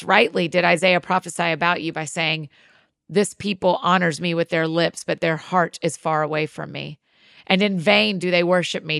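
A woman giving a measured, even-toned scripted Bible reading. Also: fairly low pitch, dry recording, studio quality. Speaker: scripture reader.

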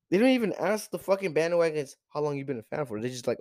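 A man's voice: mid-range voice, quick pace, few pauses, darkish tone, no echo, clean studio sound. A teenage boy hosting a podcast, ranting in an exasperated, profane way with lots of repeated rhetorical questions. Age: teens. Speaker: podcast host. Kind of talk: solo sports rant.

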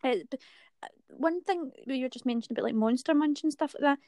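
Woman, higher voice, dry close recording, rambling casual chat. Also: quick pace, a little mellow, dry recording. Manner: chatty, rambling, with fillers and mild swearing.

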